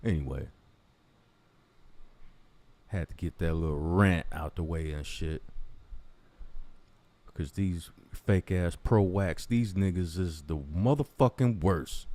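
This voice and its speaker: Man, low dark voice, dry close sound, mocking, swearing rant. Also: takes it slowly, pauses often, no room sound. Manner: confrontational, mocking, heavy swearing. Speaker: commentary vlogger. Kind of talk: profane ranting commentary.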